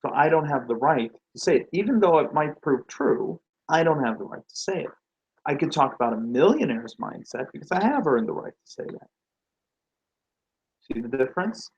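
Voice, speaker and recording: A man's voice: fairly high pitch, sing-song, moderate pace, gravelly, a little mellow, breathy edge, highs cut off. A man giving a motivational talk on branding and sales, asking the listener rhetorical questions and acting out quoted reactions. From Nordic.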